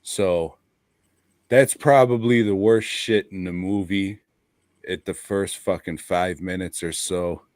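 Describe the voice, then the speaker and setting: A man's voice: sits low, steady tone, slow, darkish tone, dry recording, clean studio sound. A man co-hosting a casual podcast chat, blunt and profane, laughing often. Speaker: podcast co-host.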